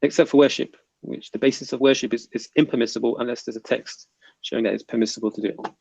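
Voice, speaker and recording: A man's voice: mid-range voice, steady tone, fast talker, gravelly, a little mellow, slightly rough, no room sound, highs cut off. A man with a South London accent hosting a casual livestream, reading viewer comments aloud and bantering. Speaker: livestream host reading chat.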